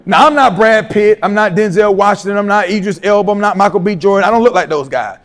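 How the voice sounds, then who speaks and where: High-voiced man giving a humorous talk. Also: fast. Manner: animated storyteller, humorous asides, acts out quoted voices. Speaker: keynote speaker at educators' institute day. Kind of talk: motivational speech to teachers.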